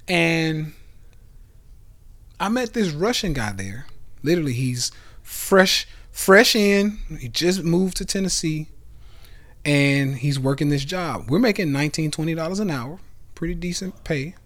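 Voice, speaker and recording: A man in his thirties hosting his own podcast, talking through a casual motivational monologue that jumps from loud bursts to low asides, with the odd curse. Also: expressive, measured pace. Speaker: podcast host and investment club founder.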